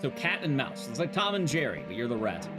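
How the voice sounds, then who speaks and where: A man streams a speedrun, chatting casually and profanely to his chat with game music playing behind him. His voice sits at a medium pitch, swings widely up and down, and moves fairly quickly.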